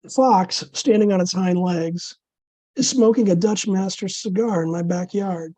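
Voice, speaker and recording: A man with a scratchy voice from dysphonia, reading his own absurd flash fiction in a dry, deadpan way over a video call. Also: high-pitched, unhurried, dry recording.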